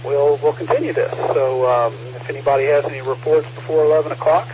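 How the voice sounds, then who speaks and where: A man acting as net control on an amateur radio weather net, speaking in a calm, measured way with frequent pauses. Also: a little high. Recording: muffled radio audio with static hiss.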